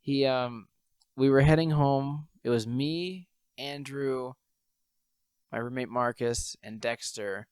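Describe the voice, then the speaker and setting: A man's voice: mid-range voice, takes it slowly, smooth, no room sound. A young man, a podcast host, telling a funny story in casual chat, laughing often and acting out what people said. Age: young adult. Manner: animated storyteller, laughs often, acts out quotes.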